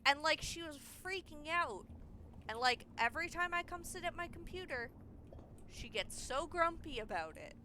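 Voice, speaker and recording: A woman's voice: high voice, lively intonation, moderate pace, sharp tone, a little hiss or hum. A young woman streaming a video game, chatting in a rambling way with fillers. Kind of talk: casual chat while playing a video game.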